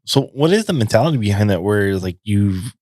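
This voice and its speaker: A man hosting a podcast, asking measured, thoughtful questions in a casual chat. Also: fairly low pitch, expressive, darkish tone, dry recording, studio quality. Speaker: podcast host.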